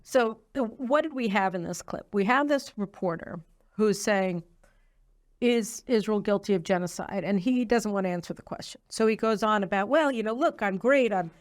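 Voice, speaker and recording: A woman's voice: mid-range voice, normal speed. A woman hosting a political commentary show, talking in an opinionated way with many fillers. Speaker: host.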